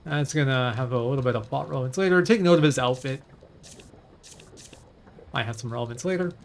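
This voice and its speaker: A man's voice: mid-range voice, a little fast, gravelly, a little hiss or hum. A man giving casual live commentary on his speedrun, chatting and thinking aloud while he plays. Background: game music.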